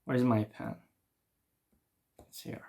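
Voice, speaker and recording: A man with a French accent teaches a beginner lesson in an unhurried, patient way. His voice sits at a middle pitch, and he thinks aloud while he writes out the examples. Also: flat delivery, vocal fry, dark tone. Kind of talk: online language lesson.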